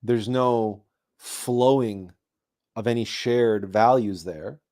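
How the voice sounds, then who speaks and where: A man hosting a spiritual talk show, speaking in a monologue that grows animated as he acts out imagined people. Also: medium pitch, takes it slowly. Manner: animated storytelling, acting out imagined people in raised voices. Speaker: host.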